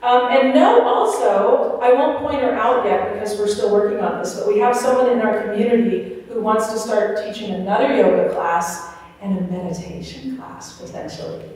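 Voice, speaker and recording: A woman's voice: mid-range voice, moderate pace, darkish tone. Woman doing church announcements, upbeat and chatty, far off mic in a big echoey hall. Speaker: announcements presenter at a spiritual center. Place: large hall during a Sunday service.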